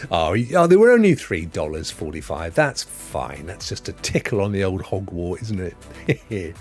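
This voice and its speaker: Reading viewer comments on his live stream, a man in his fifties from England rambles in a friendly, matey way. His voice is fairly low, darkish and slightly rough, very animated at a moderate pace, with faint music behind him. His accent mixes Potteries and Sydney, touched with Devon.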